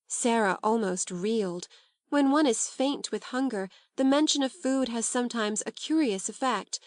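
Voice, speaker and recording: A woman narrates an audiobook of a classic novel in a calm, unhurried voice. Her voice sits fairly high, and the sound is close and dry, with no room around it. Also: no room sound.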